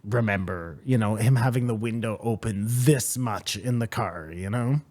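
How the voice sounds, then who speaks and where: A man's voice: fairly low pitch, normal speed, a little mellow. A Canadian man in his forties, a podcast co-host, joking wryly in casual chat. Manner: wry, joking.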